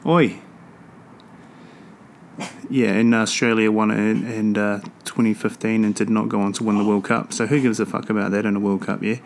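A man's voice: lowish voice, flat delivery, brisk, creaky, few pauses, a little hiss or hum. A man hosting a rugby podcast from home, talking in a rambling, offhand and profane way. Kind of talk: casual solo podcast chat. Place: home near an airport.

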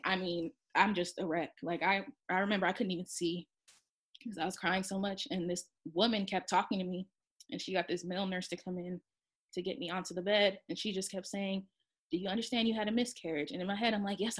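A woman recounts a personal experience in a quiet, soft-spoken voice that sits a little low. Her telling is halting, full of pauses and restarts. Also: steady tone. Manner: halting, with many fillers and restarts. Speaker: storyteller. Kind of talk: personal storytelling.

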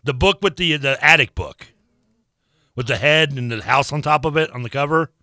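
A man co-hosting a sports radio show in casual banter, rambling and restarting his sentences, quick to laugh. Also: a little high, animated, sharp tone, no echo, clean studio sound. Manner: rambling, self-interrupting, laughs easily.

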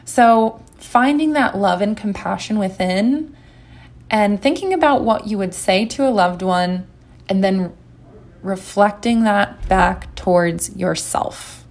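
A woman giving a gentle, encouraging instructional talk as a recovery coach. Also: medium pitch, takes it slowly.

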